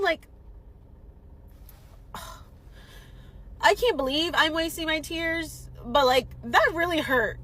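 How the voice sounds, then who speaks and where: A woman's voice: very high-pitched, takes it slowly, pauses often, fairly bright tone, low-quality recording. A young woman, tearful, venting an indignant storytime to camera, exasperated and swearing. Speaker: healthcare worker. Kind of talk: emotional storytime vent to camera.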